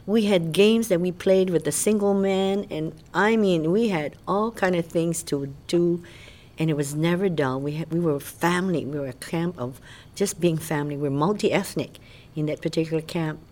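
A woman's voice: on the low side, normal speed. An older woman from Hawaii, fondly telling stories of her childhood in an oral history interview. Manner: fond, animated storytelling.

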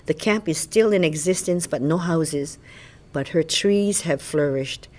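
A woman's voice: low-pitched, measured pace. An older woman from Hawaii, fondly telling stories of her childhood in an oral history interview. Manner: fond, animated storytelling.

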